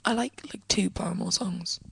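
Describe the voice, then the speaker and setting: A teenage girl from England chatting casually in a vlog, rambling and giggling, often trailing off into soft whispery asides as she sits at home. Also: fairly low pitch, moderate pace, creaky, slight background noise, low-quality recording. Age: teens. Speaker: vlogger answering a friend's questions. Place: indoors, at home, sitting on a desk.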